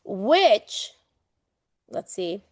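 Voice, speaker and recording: A woman teaching a live online exam prep class, lively and playful, casual with swearing, acting out everyday examples. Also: mid-range voice, drawn-out words, no echo, studio quality.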